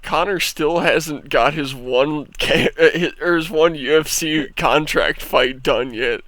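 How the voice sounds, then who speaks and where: A man's voice: on the high side, a little slow, fairly bright tone, no echo. A young man co-hosting a podcast, rambling and self-deprecating with crude jokes. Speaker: podcast co-host. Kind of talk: casual podcast banter.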